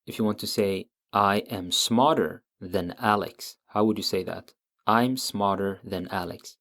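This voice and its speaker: A man with a fairly low voice teaches a language lesson at an unhurried pace. He explains patiently and repeats every example word slowly so learners can follow. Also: fairly bright tone.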